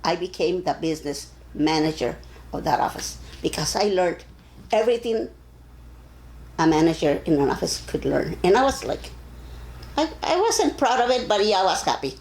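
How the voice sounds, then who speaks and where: An older woman from Arizona being interviewed, telling stories in a casual, animated way and acting out the voices of the people in them. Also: on the low side, normal speed, poor audio. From Arizona, USA. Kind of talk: casual storytelling.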